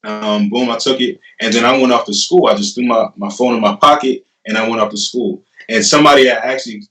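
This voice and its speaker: Roomy, animated young man telling a story. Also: medium pitch, fairly quick. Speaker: guest. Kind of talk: casual storytelling. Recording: roomy, distant mic.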